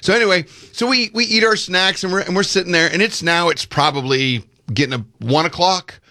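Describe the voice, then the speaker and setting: A man casually telling a long story on a podcast, animated and acting out the people in it. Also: sits high, a little fast, no echo, studio quality. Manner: animated, acts out voices, rising loudly when quoting himself.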